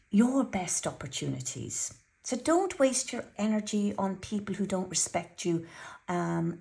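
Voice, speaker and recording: A woman's voice: medium pitch, vocal fry, warm tone. A woman giving an earnest, chatty weekly tarot reading and telling a personal story, often repeating herself. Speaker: tarot reader.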